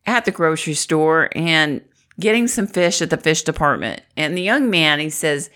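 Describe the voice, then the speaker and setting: A woman's voice: sits low, lively intonation, normal speed, fairly bright tone. A middle-aged woman from the Midwest, talking to camera in a chatty, encouraging way and laughing often. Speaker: inspirational vlogger. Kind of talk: upbeat motivational talk to camera.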